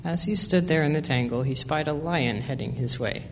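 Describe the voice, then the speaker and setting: A man reading a children's animal story aloud, measured, with small slips he corrects. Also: fairly high pitch, fairly bright tone. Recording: long hall reverb, faint hiss.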